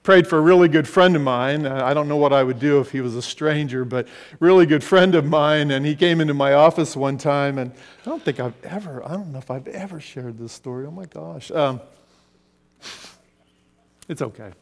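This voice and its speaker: A man preaching a sermon, telling stories and swinging between loud passages and hushed ones. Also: on the high side, moderate pace. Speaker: pastor. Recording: long reverb of a large hall.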